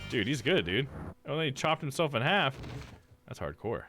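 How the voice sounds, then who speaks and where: A man's voice: mid-range voice, sing-song, normal speed, a bit bright. A man streaming a game live, chatting in a laid-back, jokey way. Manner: laid-back, jokey, says dude a lot. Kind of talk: casual live-stream commentary. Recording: game music behind.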